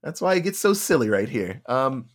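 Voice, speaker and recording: Animated man retelling a movie plot. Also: medium pitch, normal speed. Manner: animated retelling with acted-out quotes and laughter. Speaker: podcast co-host. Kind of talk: casual movie review chat.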